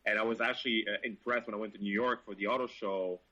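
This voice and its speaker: A man's voice: fairly low pitch, fairly even intonation, fast talker, sharp tone, dull audio. A Canadian car reviewer, a man, chatting casually and with enthusiasm, swearing freely. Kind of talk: casual chat.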